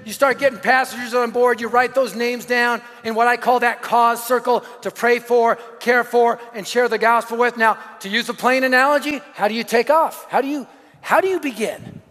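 A middle-aged male pastor preaching a sermon, telling stories with lively swings between shouted lines and hushed asides. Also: very high-pitched, moderate pace. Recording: long hall reverb.

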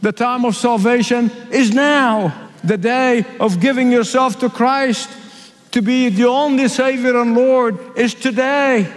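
A man from the Middle East preaching a sermon, emphatic and repeating key phrases, slowing down for weight. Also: extremely high pitch. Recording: reverberant hall.

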